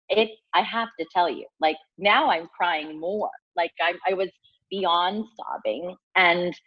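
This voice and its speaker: A woman in her forties, an interview guest, telling a personal story in a heartfelt, halting way and often restarting her phrases. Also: medium pitch, breathy edge, no room sound, highs cut off.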